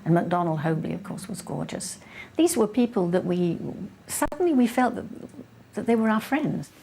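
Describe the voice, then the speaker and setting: A woman being interviewed, recalling her childhood with lively, self-mocking humour. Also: medium pitch, normal speed, gravelly, slight background noise. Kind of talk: nostalgic interview.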